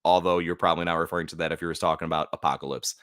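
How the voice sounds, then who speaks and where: A man's voice: sits low, steady tone, rapid-fire, a bit bright, smooth, dry recording, clean studio sound. An American man hosting a casual live stream, rambling loosely with lots of fillers. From United States. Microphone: new studio mic.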